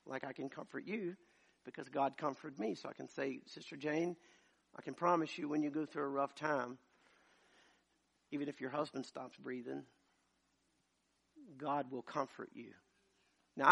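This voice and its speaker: A man preaching a sermon as pastor, moving from quiet storytelling to loud, shouted preaching. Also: a little high, creaky. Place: church.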